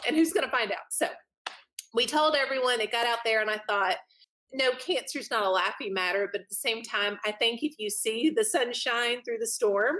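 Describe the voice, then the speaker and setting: A woman, a podcast guest telling a story in a lively way and acting out what others said. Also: a little high, moderate pace. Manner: animated, laughing, acts out quotes. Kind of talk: casual storytelling.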